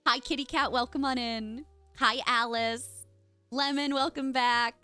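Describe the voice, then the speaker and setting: A woman's voice: high-pitched, fairly even intonation, measured pace, sharp tone, clear, resonant tone, soft background music. A young adult woman streaming live, chatting casually and greeting viewers by name in a bubbly way.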